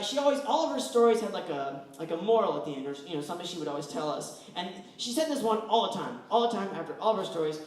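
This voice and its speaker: Animated man telling stand-up stories, echoey. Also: high-pitched, a little hiss or hum. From West Virginia. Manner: rambling, animated storytelling with acted-out voices. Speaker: stand-up comedian. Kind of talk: stand-up comedy set. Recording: echoey room, voice from far off.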